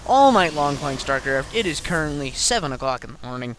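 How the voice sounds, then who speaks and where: A man's voice: a little high, big pitch swings, noisy background. A tired man who has been up all night, casually talking through his own game replay with lots of ums and restarts. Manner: halting, many ums and restarts.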